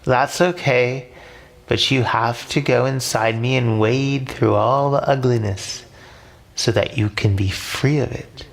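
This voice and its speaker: A man voicing a giant female octopus in a storybook, stern but caring, speaking slowly and firmly. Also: mid-range voice, fairly even intonation, vocal fry. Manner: firm, slow and instructive.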